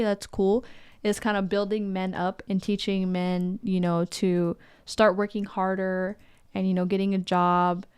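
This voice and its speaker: A woman's voice: medium pitch, darkish tone, clean tone. A woman speaking as a guest on a casual podcast, candid and opinionated, laughing often.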